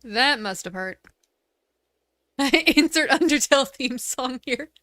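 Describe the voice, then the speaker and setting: A woman's voice: high-pitched, animated, slow pace, fairly bright tone, no echo, clean studio sound. A woman streaming a game, chatting casually and laughing often. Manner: giggly, chatty, reads chat. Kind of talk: casual gameplay stream chat.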